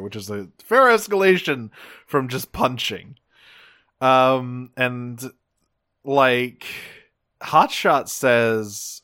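A man co-hosting a casual recap chat, swearing freely and retelling scenes in an animated way. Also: mid-range voice, no room sound, clean studio sound. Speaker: podcast co-host.

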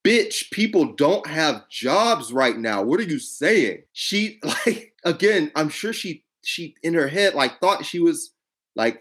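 Guy on a podcast, cussing a lot, acting out quotes, real animated. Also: a little high, unhurried, husky. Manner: animated, profane, storytelling with voiced quotes. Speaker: podcast co-host. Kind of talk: casual political chat.

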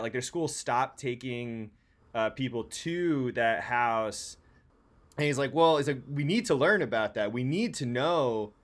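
A man's voice: medium pitch, a bit bright. A man from the San Francisco area, co-hosting a casual chat show, rambling with lots of fillers, frequent swearing and laughter. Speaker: podcast co-host.

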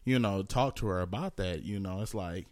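A man's voice: low-pitched, normal speed, darkish tone, slight background noise. A man in a casual conversation, protective and joking, talking in laid-back slang.

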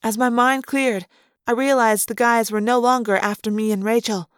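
A woman's voice: on the high side, steady tone, moderate pace, clear, resonant tone, no room sound, clean studio sound. A woman narrating a story aloud in first person, expressively acting out the action.

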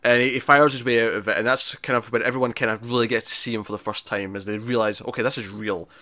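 Fast-talking man, bright dry voice. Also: mid-range voice, dry recording. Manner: animated, quotes lines in a shouted impression. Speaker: podcast co-host. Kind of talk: casual film review chat.

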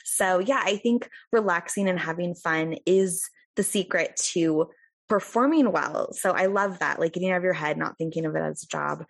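Woman, middle-aged, podcast host, enthusiastic, gravelly, dry close recording. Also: fairly low pitch, moderate pace, dry recording. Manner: enthusiastic, effusive praise. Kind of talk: casual interview chat.

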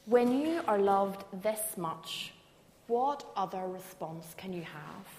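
A woman preaching a sermon, telling a personal story in a conversational way and dropping at times to soft, hushed tones. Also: medium pitch, slight background noise. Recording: echoey hall.

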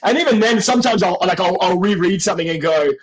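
A man's voice: high voice, fast, breathy edge, low-quality recording. An Australian man chatting on a podcast as a guest, goofy and self-deprecating, rambling with lots of fillers. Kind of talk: casual podcast chat.

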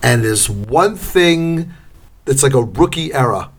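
A middle-aged man co-hosting a podcast, chatting casually and acting out scenes in loud, shouted bursts. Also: mid-range voice, lively intonation, takes it slowly. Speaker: podcast co-host. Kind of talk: casual chat.

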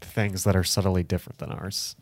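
A man's voice: deep voice, level tone, brisk, no echo, clean studio sound. A man co-hosting a podcast, rambling in casual chat with lots of filler words. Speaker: podcast co-host.

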